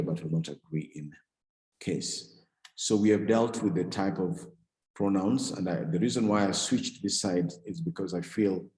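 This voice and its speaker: A man's voice: low voice, mellow, reverberant, low-quality recording. A man teaching a Greek grammar class, explaining step by step and often restarting and correcting himself. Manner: explains slowly, with frequent restarts and self-corrections. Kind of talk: classroom lecture.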